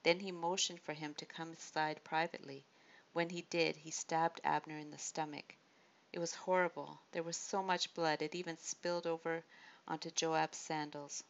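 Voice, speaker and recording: A woman's voice: low voice, little pitch movement, normal speed, gravelly. An urgent male messenger, read by a woman. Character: urgent male messenger bringing grim news. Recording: dull lo-fi audiobook recording.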